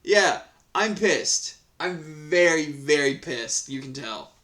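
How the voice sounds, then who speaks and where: A man with a somewhat high voice rants through casual reaction commentary on online stories. He swears freely and gets heated, often stopping and restarting his sentences as he rambles. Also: expressive, slow pace, sharp tone. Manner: profane, heated ranting. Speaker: Reddit story reader and commentator.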